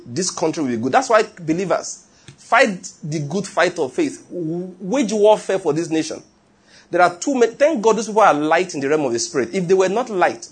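Man, pastor preaching, husky voice, fairly high pitch, insistent. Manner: emphatic, repetitive, keeps checking the listeners follow. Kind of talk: sermon.

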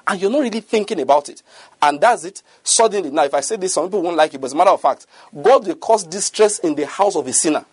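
A man's voice: sits high, expressive, fast, husky, no room sound. A middle-aged man preaching a sermon, earnest and repetitive, often checking that listeners follow him.

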